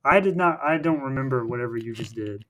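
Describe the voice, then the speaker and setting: A man's voice: medium pitch, lively intonation, fast talker, a bit bright, slight background noise. A man co-hosting a casual film podcast, recapping the plot in a rambling way with many fillers and restarts. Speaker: podcast co-host.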